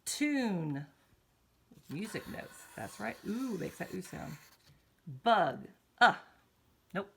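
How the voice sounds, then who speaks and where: A woman teaching kindergartners phonics, slowly drawing out vowel sounds in an encouraging, sing-song way and speaking straight to the children. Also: medium pitch, big pitch swings, vocal fry, a bit bright, a little hiss or hum. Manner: encouraging, talks directly to children. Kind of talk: recorded morning meeting lesson for young children.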